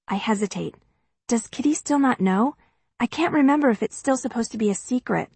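Woman, first-person audiobook narration, chatty, confiding, mid pitch, dry close sound. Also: a little fast, darkish tone, slightly rough, dry recording.

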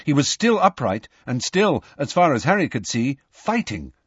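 Male narrator, husky, lively delivery, dry and slightly dull recording. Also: medium pitch, normal speed, no echo. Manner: lively, expressive storytelling. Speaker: audiobook narrator. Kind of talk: scripted narration.

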